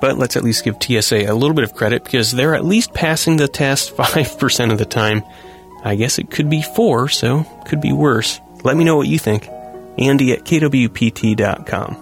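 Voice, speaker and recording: A man's voice: medium pitch, normal speed, faint music behind. A man hosting a talk show, commenting casually on news items with a rambling, self-correcting manner and frequent chuckles. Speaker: host.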